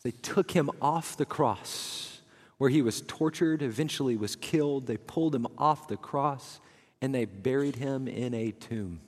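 A man's voice: medium pitch, a little slow. Dramatic preacher man in an echoing hall. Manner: dramatic, swings from hushed to fervent. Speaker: pastor. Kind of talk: sermon storytelling.

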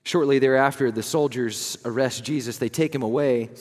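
A man preaching a sermon as dramatic storytelling, moving from hushed, somber lines to fervent, rising passages. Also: medium pitch, moderate pace, big-room sound. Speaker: pastor.

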